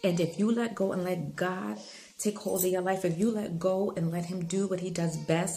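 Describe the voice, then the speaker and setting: A woman's voice: fairly low pitch, fairly even intonation, normal speed, vocal fry, dark tone, a little hiss or hum. A woman talking earnestly to her viewers, telling a dream and giving faith-based encouragement in a conversational way. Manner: earnest, conversational, with frequent fillers; rising to fervent preaching tone. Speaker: inspirational vlogger.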